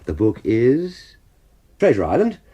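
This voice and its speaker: A man's voice: mid-range voice, wildly swooping pitch, takes it slowly, dark tone, slightly rough, highs cut off. A man presenting a children's radio show in a jolly, theatrical way, on a hissy old cassette tape. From England. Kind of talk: scripted children's radio chat.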